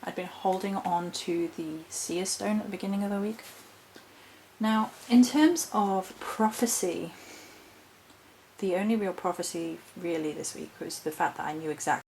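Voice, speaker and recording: Gravelly, a little mellow and fairly low, a witch vlogger's voice moves at a moderate pace as she reflects on her spiritual practice. She meanders, corrects herself and laughs along the way, while the poor audio carries a little hiss or hum.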